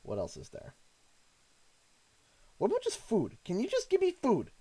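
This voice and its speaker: A man's voice: extremely high pitch, wildly swooping pitch, normal speed, dark tone, husky, no room sound. A man from Canada chatting on a live stream, emotional and effusive, often stammering and repeating himself. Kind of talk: casual live-stream chat.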